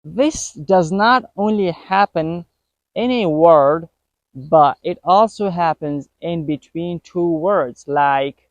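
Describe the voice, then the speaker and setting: A man teaching a pronunciation lesson, saying each example word twice in a careful, deliberate way. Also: fairly high pitch, no echo. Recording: dry, dull lo-fi voice recording.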